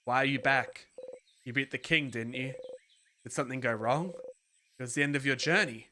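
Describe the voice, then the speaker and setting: A streamer on a game playthrough, reading the narration dramatically in the second person, with quick asides. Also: mid-range voice, noisy background. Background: game music.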